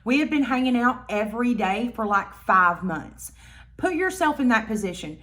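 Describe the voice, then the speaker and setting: A woman telling a storytime vlog in a blunt, profane, animated way. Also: fairly high pitch, moderate pace. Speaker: vlogger.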